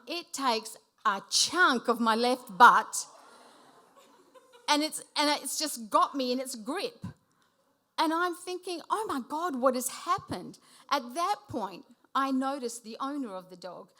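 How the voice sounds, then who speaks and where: A woman in her late fifties telling a funny personal story on stage to a live audience, animated and often laughing as she speaks. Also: high-pitched. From Sicilian heritage. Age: 50s. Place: hall before a live audience.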